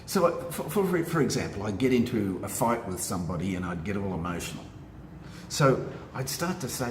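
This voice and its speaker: A man in an echoey room with faint background ambience, giving a motivational self-help talk. His lowish voice swings widely in pitch as he stresses each step, emphatic and animated. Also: a little fast, a little hiss or hum. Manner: animated, emphatic, steps through points.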